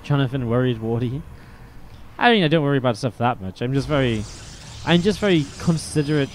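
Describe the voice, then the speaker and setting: Medium-pitched and fairly quick, with a bit of hiss or hum, a man casts and streams StarCraft from a desk microphone. His talk is casual stream chat over the commentary, rambling, full of swearing and filler words.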